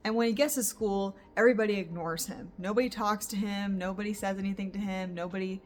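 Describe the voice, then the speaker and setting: A woman's voice: medium pitch, fairly even intonation, fast talker, few pauses, slight background noise. A young woman book vlogger chatting casually at home about a novel she is reading, reacting with laughs. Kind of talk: casual reading vlog chat. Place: home in the countryside.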